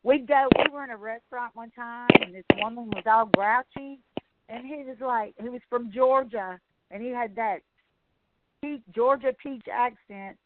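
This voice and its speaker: A woman's voice: fairly high pitch, normal speed, background noise. A woman, hosting a sales training call in casual, rambling, folksy chat. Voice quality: chatty, rambling, folksy storyteller. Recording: tinny phone line.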